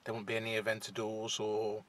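A man's voice: lowish voice, monotone, fairly quick, a bit bright. Shy Midlands man vlogging from his car. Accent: West Midlands (Wolverhampton). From England. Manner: shy, hesitant, many fillers and restarts. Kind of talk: casual to-camera chat. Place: inside a parked car.

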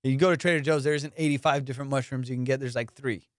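A man's voice: medium pitch, steady tone, quick pace, dry recording, clean studio sound. A man hosting a podcast, chatting casually and telling stories full of swearing and laughter. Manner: profane, storytelling, laughs often. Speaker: podcast host. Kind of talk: casual chat.

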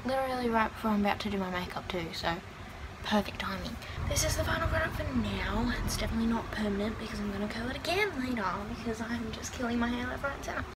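A woman's voice: on the high side, animated, fast talker. A young woman from Australia chatting casually in a get-ready-with-me vlog, rambling with lots of fillers, recorded indoors on a phone camera. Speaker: vlogger. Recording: loud background noise.

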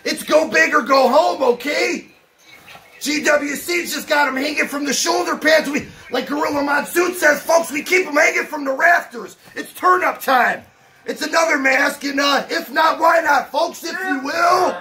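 Hype-man host, man, high bright voice, shouting through an unboxing with faint music behind. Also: normal speed. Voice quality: loud hype-man delivery with catchphrases. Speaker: collector hosting an unboxing. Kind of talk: hyped unboxing vlog. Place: home collection room.

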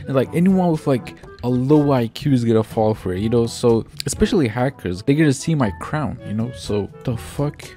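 Young man, gameplay commentary, filler-heavy rambling, profane trash talk, mellow tone. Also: medium pitch, lively intonation, normal speed, few pauses, faint music behind. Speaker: gaming YouTuber.

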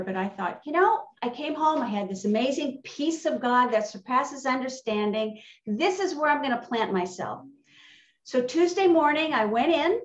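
A woman sharing a personal testimony in a casual, animated storytelling way, acting out the conversations she recounts. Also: on the high side. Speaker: church member sharing a testimony. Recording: distant, roomy, dull sound.

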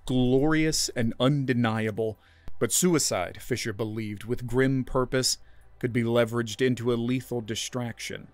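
A man narrating a sci-fi audio story in a measured, dramatic storytelling manner. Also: mid-range voice, steady tone, no echo. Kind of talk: scripted narration.

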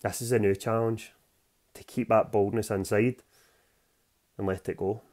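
A man's voice: lowish voice, steady tone, moderate pace, darkish tone. A young Scottish man, the author, reading from his novel in a gritty, plain-spoken way full of slang.

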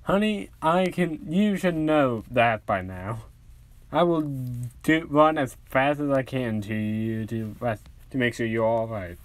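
A man voicing a loving, fussing mother who speaks gently and reassuringly to her son in a fan-made story. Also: medium pitch, takes it slowly, no echo, natural voice. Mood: worried. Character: doting loving mother, adult woman.

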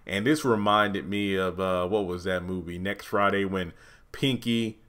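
A man giving a casual, rambling review of a TV episode on his channel, telling it with lively asides. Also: low voice, unhurried, smooth. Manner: chatty, rambling, animated retelling. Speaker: YouTube TV reviewer.

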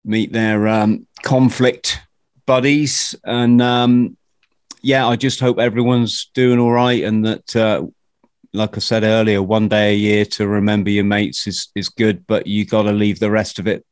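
A man hosts a casual interview, thinking aloud in halting bursts and often restarting his sentences. His voice sits on the low side. The recording is dry, with no room sound. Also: little pitch movement, clear, resonant tone, no room sound. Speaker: podcast host.

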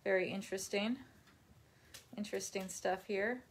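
A woman's voice: mid-range voice, steady tone, moderate pace. A woman chatting casually on a live stream at home, rambling from topic to topic, laughing often and talking to her dog. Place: at home while folding laundry.

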